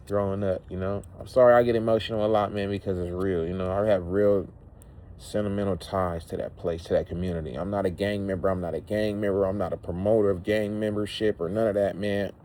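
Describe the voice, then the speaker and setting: A man speaks in a low, warm, mellow voice. He rambles through a heartfelt personal monologue, piling up repeated phrases for emphasis, over a faint background hiss. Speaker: vlogger.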